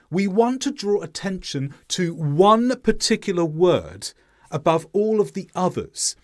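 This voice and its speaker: Lively-voiced male English teacher. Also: on the high side. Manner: clear, deliberate explaining. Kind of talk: explanatory teaching voice-over.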